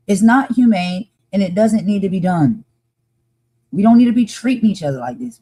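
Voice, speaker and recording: A woman's voice: mid-range voice, dark tone. Impassioned woman podcast co-host. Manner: passionate, emphatic, repeats points for force. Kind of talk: impassioned live discussion.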